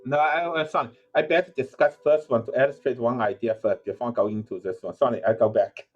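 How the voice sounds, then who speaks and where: A man's voice: mid-range voice, fairly even intonation, brisk, phone-quality sound. A male university lecturer working through a problem aloud, with many fillers and restarts. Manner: thinking aloud with frequent "uh" and self-corrections. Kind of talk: recorded lecture.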